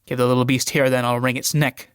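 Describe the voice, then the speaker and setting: A man's voice: medium pitch, little pitch movement, fast, clear, resonant tone, dry recording, studio quality, lightly acted. A man reading the part of a curt, scornful young male valet in a solo reading of a stage play, giving clipped orders. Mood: curt impatient. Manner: clipped, dismissive commands.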